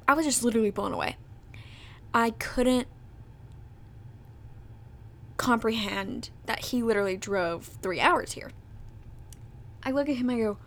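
A woman's voice: a little high, lively intonation, normal speed, long pauses. A woman in her twenties hosting a podcast, chatting casually and bubbly, full of "like" and "literally". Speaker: podcast host. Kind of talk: casual chat.

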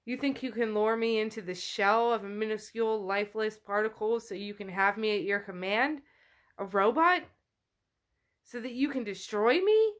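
A woman voicing a menacing, possessive male spirit who craves a body, speaking fast and taunting while she retells a novel. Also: medium pitch, close to an everyday voice. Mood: scornful.

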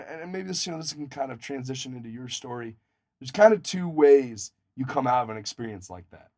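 A young man in his twenties tells a wild personal story on a podcast in a casual, profane chat. His voice sits fairly high and swings between loud, excited bursts and low mutters. The recording is dry and close. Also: dry recording.

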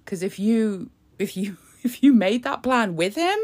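A woman's voice: fairly high pitch, lively intonation, measured pace, darkish tone. A woman giving casual, sarcastic live commentary, laughing often and throwing in sassy asides. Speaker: live commentator on a press conference.

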